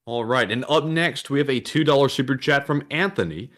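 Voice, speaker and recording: A man's voice: medium pitch, fairly quick, fairly bright tone. A man co-hosting a casual livestream, reading out viewer messages in a plain voice and now and then stumbling over his words.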